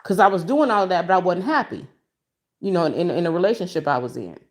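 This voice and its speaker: Expressive woman chatting on a livestream. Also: fairly low pitch, fast talker. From Michigan. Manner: emotional, expressive and preachy, addresses viewers as y'all. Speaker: livestream host. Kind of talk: casual livestream commentary to a chat. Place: at home, walking around. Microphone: phone held in hand.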